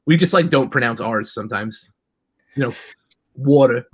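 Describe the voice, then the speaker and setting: A man's voice: mid-range voice, animated, brisk, husky, no room sound, poor audio. A man with a New York accent, hosting a casual chat and telling rambling stories with lots of restarts. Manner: rambling, chatty storyteller with many restarts. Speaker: host.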